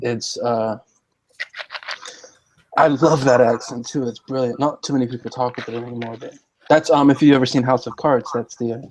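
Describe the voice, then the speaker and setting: A man in a loose, casual chat, joking and rambling, often stopping to restart his sentences. His voice sits at a plain middle pitch. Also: fairly even intonation, quick pace, darkish tone, a little hiss or hum, low-quality recording.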